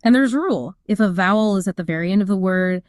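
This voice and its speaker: A woman's voice: mid-range voice, fast talker, dry recording, clean studio sound. A woman co-hosting a casual explainer chat, upbeat and explanatory, with frequent fillers. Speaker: co-host.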